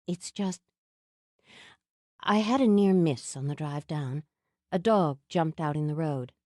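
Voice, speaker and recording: A woman's voice: low voice, slow, darkish tone, dry recording, studio quality. Woman playing a proud, clipped young witch. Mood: wry. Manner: clipped, defensive, tight-lipped.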